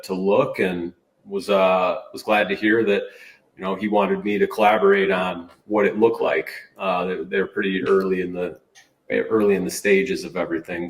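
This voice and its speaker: A man's voice: sits low, gravelly. A man who is a guest on a podcast, chatting casually in a rambling, upbeat way with many restarts. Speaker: podcast guest, brand manager. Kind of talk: casual interview chat. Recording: roomy, distant mic.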